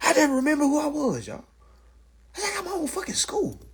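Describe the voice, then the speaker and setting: A man ranting casually and profanely on a phone livestream, animated and loud. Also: very high-pitched, brisk. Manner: animated, profane, mimics others' voices. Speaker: livestream host.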